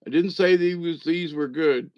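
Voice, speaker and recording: A man's voice: fairly high pitch, unhurried, no room sound, highs cut off. A man reading jokes aloud in a casual way, chuckling and adding wry asides between them. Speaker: comedy reader.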